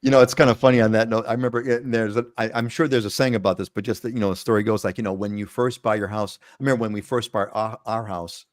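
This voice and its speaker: A man's voice: fairly low pitch, steady tone, quick pace, hardly any pauses, dry recording, studio quality. A man in his fifties hosting a live panel show, chatting casually and rambling with frequent restarts. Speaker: host.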